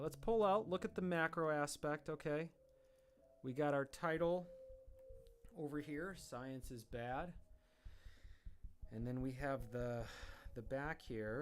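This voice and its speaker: A man streaming his drawing session live, thinking aloud in a relaxed, self-deprecating way as he works. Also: medium pitch, unhurried. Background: guitar music.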